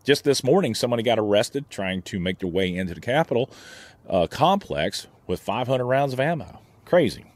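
A man's voice: medium pitch, sing-song, normal speed. A man hosting his own channel, speaking in a heated, indignant vlog rant with frequent restarts. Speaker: gun channel host. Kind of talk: opinion vlog commentary.

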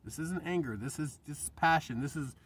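A middle-aged man speaks in a husky, slightly raised voice, caught a little way from the mic. He rambles with passion, swears freely and keeps restarting his sentences as he vlogs to camera. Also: a little high, a little fast, a bit bright, distant mic. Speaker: vlogger. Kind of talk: emotional monologue to camera.

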